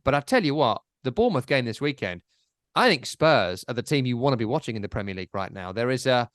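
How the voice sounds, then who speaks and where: A man co-hosting a casual football podcast, animated and jokey, often mimicking commentators. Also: on the high side, no echo, studio quality. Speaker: podcast co-host.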